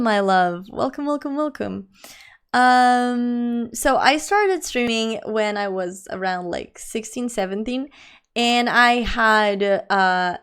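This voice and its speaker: Chatty young woman streamer, smooth voice. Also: mid-range voice. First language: not English. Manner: chatty, rambling, quick to laugh; talks straight to her chat. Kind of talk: casual livestream chat.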